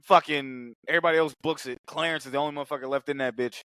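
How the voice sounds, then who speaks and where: A man with a bright, forceful voice sits close to a dry microphone, recapping a film in casual podcast chat. He swears constantly, tells it loosely and throws himself into the lines he quotes. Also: on the high side, steady tone, racing, no echo. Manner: profane, loose storytelling, acts out quotes loudly. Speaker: podcast co-host.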